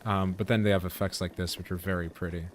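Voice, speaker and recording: A man's voice: low voice, flat delivery, fast, a little hiss or hum. A man streaming a video game, chatting casually with viewers in a rambling, self-interrupting way. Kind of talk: casual gaming commentary.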